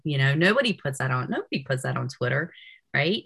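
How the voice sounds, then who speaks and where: Bright-voiced chatty woman researcher. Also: rumbling low, animated, moderate pace. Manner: chatty, peppers speech with "you know". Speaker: guest researcher. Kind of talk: casual interview chat.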